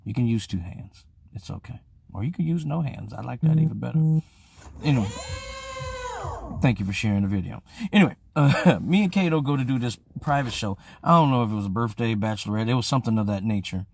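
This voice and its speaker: A man's voice: mid-range voice, fast, creaky, slight background noise. A young man hosting a live stream, telling a profane story, acting out each voice and greeting viewers along the way. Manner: profane, animated, acts out the voices. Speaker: host of a live-streamed show. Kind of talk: casual storytelling.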